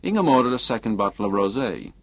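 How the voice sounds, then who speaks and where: A man narrating a novel as an audiobook in a measured, expressive reading. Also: on the low side, gravelly.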